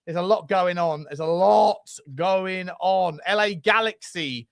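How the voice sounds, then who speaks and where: A man co-hosting a casual football podcast, chatty and laughing often as he reads out viewer shout-outs. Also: high voice, a little slow, no echo, studio quality. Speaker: co-host.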